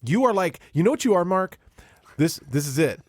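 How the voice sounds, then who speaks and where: A man's voice: high-pitched, sing-song, normal speed, darkish tone, no echo, studio quality. A man co-hosting a podcast in casual chat, jokey and rambling, often laughing. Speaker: podcast co-host.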